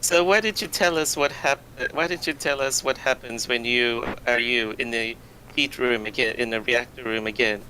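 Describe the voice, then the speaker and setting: A man's voice: medium pitch, normal speed, bright, forceful tone, a little hiss or hum, rough recording. A man playing a tabletop game, hesitantly thinking aloud as he works out his moves. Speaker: player. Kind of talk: casual tabletop game play.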